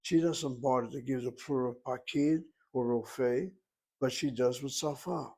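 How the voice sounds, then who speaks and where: A man in the middle of a recorded language lesson, with a voice at an ordinary middle pitch. He works methodically through pronunciation and syllables, stops to ask rhetorical questions and then answers them himself, like a patient teacher. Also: normal speed, darkish tone, husky. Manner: methodical, explains pronunciation step by step; thinks aloud with rhetorical questions. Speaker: Hebrew teacher.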